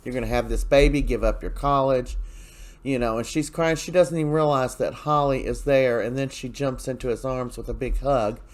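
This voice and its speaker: A man talks through a soap opera episode in a loose, conversational way. He is opinionated, often stops for "uh" and "you know", and goes off on asides as he tells the story. His voice sits at an ordinary middle pitch. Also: normal speed. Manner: chatty and opinionated, with frequent fillers and asides. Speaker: soap opera recap host. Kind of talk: casual spoken episode recap.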